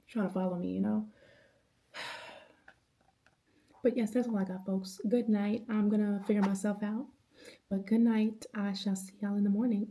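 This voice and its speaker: A woman in her thirties vlogs from home late at night, chatting about the Bible with passion and many restarts. Her voice is mellow and gravelly with fry. She talks in casual slang and addresses viewers as y'all. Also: medium pitch. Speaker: vlogger. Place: at home indoors.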